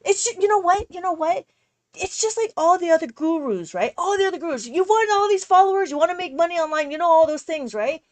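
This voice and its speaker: A woman teaching math in a casual livestream, talking in an animated, exasperated way. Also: very high-pitched, fast.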